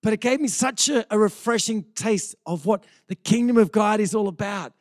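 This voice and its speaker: A man's voice: high-pitched, normal speed, dry recording, studio quality. A middle-aged male pastor giving a conversational sermon, often restarting phrases and asking rhetorical questions.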